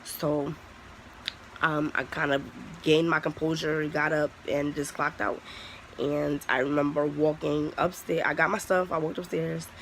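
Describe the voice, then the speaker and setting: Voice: mid-range voice, level tone, measured pace, a bit bright, a little hiss or hum, rough recording. A young adult vlogger telling a personal story in a candid, profane, casual way, full of "like" and restarts. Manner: candid, profane, heavy use of "like".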